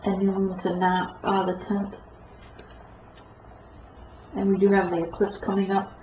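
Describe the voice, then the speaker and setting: A woman giving a rambling tarot card reading, with a stuffed-up nose and a halting, self-correcting way of talking. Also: mid-range voice, completely flat delivery. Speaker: tarot reader. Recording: echoey room, dull lo-fi sound, faint noise.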